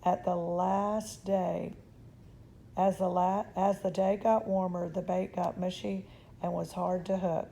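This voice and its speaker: A woman reading a children's chapter book aloud in a calm, measured way. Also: fairly low pitch, creaky, a little hiss or hum. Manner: calm, measured, occasional restarts.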